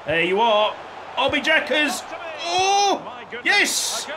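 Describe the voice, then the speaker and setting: Excitable high-voiced gamer commentator. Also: male voice, a little slow, some chatter behind, a little hiss or hum. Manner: shouts and cheers at goals. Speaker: gaming YouTuber. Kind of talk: excited football game commentary.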